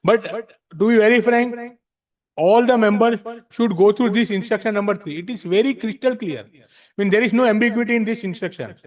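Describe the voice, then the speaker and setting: Frank, emphatic Indian man, fairly high voice. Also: brisk. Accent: Indian English. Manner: frank, emphatic, repeats himself. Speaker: speaker at a tax practitioners' study circle. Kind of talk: explaining to an audience, mixing English and Hindi. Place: library meeting room.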